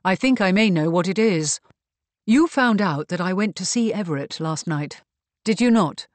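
A woman voicing a composed, evasive gentleman who speaks smoothly and blandly. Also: on the low side, lively intonation, normal speed, no room sound, natural voice. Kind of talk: audiobook character reading.

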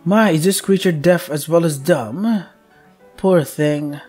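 Voicing a visual novel character, a man plays haughty, cruel noble ladies, sneering in a sing-song way with a mood of haughty mockery. His voice is a little high and a little mellow, and he speaks slowly over faint background music.

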